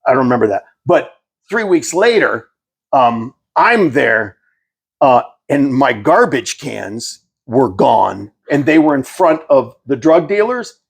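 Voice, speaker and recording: A middle-aged man with a Pittsburgh accent, telling lively anecdotes in casual chat and acting out the people in them. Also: mid-range voice, slow, creaky, breathy edge. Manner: animated, laughing, acts out voices in anecdotes. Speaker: artist telling stories.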